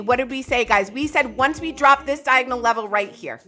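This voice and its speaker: An excitable, loud woman, hosting a live chart analysis stream and talking to viewers by name. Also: high voice, brisk, faint music behind. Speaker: crypto market streamer.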